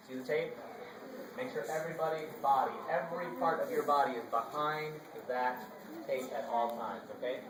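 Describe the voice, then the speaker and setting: In a big library hall, this Florida man leads kids through call-and-response during an educational show. The recording is distant and echoey, with background noise, and his voice is a little high.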